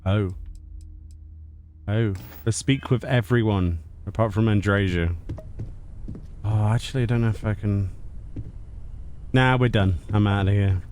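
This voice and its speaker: A man's voice: fairly low pitch, steady tone, measured pace, pauses often, background noise. A man streaming a game, making casual, sarcastic jokes over the action. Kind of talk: casual gameplay commentary.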